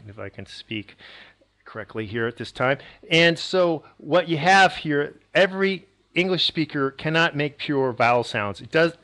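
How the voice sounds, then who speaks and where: A man's voice: mid-range voice, sharp tone. A man from the United States giving a casual video lesson on pronunciation, rambling and correcting himself, chuckling now and then. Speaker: language teacher.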